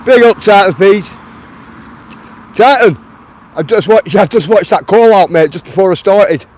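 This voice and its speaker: A man's voice: high voice, a little slow, darkish tone. Chatty Lancashire man on a walk. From Lancashire, England. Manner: chatty, answers viewers' chat and calls them mate and guys. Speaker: live-stream host. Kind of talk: casual walking live stream. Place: outdoors in a town, near traffic.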